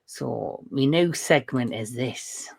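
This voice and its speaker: A man's voice: mid-range voice, takes it slowly, gravelly, breathy edge. Chatty male movie-show host. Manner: jokey, talks with many restarts. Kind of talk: casual movie review chat.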